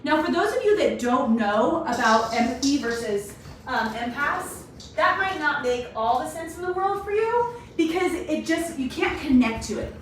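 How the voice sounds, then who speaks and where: A woman's voice: high-pitched, moderate pace, a little hiss or hum. A woman hosting a daily live video, talking casually and animatedly to her viewers. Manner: chatty, animated, addresses viewers as "you guys". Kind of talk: casual motivational talk. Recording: very echoey room, voice far from mic.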